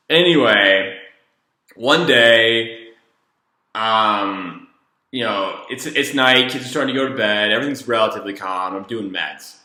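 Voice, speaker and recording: A man, a former treatment counselor, telling a personal story in a casual, rambling, animated way. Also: medium pitch, echoey room.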